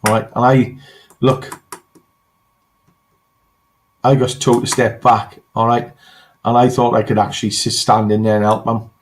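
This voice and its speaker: A man's voice: medium pitch, little pitch movement, a little slow, long pauses, slight background noise. An English man hosting a livestream rant, who keeps checking in with "all right?" and pleads with his listener. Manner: repeats "all right?", ranting then pleading. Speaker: host.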